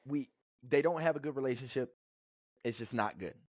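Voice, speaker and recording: A man's voice: medium pitch, normal speed, husky, dry recording, clean studio sound. A man in his thirties co-hosting a podcast, telling a story in a loose, rambling way with many restarts. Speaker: podcast co-host. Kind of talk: casual storytelling.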